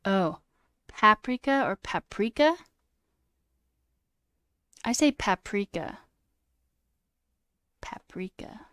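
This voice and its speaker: A woman's voice: medium pitch, expressive, unhurried, dry recording, clean studio sound. A woman streamer chatting casually with her viewers, trailing off and answering chat as she goes. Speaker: coding livestreamer.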